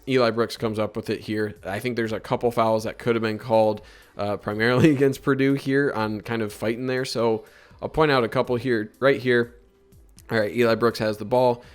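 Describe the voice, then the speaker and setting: Laid-back man breaking down game film. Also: lowish voice. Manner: conversational, critical of officiating, many fillers. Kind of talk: casual video commentary.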